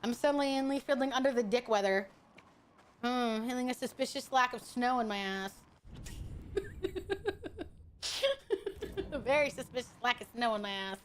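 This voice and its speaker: A young woman from Hawaii streams a game and reads her chat aloud, her voice fairly high, a little fast, with a faint hiss or hum behind it. She's brash, profane and teasing, laughing often in this casual livestream.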